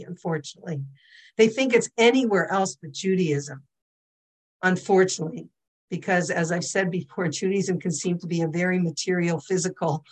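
A middle-aged woman giving a Jewish religious lesson, telling stories in an animated, conversational way and checking in with her listeners. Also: medium pitch, poor audio. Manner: animated, conversational, asks the audience "okay?" and "hello?". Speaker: Torah teacher.

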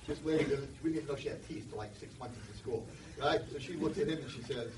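A man's voice: medium pitch, fast, hardly any pauses, a little hiss or hum. A man giving a humorous speech, telling a childhood story and acting out the characters. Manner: animated, acts out the characters. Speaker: speaker. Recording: roomy echo from far off.

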